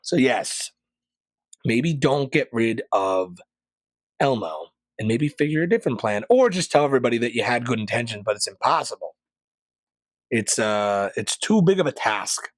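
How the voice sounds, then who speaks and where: A man hosting a podcast, ranting sarcastically in a casual monologue and jumping to loud, high peaks. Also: very animated, moderate pace, no echo. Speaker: podcast host.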